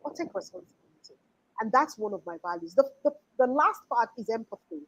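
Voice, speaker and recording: A woman's voice: a little high, lively intonation, fairly quick, fairly bright tone, rough recording. A woman in her forties giving an earnest, emphatic motivational talk as a life coach, often restarting her sentences.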